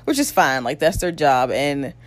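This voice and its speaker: Young woman, lower register, candid storyteller with a crude streak, dry close sound. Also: animated, normal speed, no room sound. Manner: candid, blunt, crude humor with frequent laughs. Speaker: mother telling her birth story. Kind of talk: casual storytelling to camera.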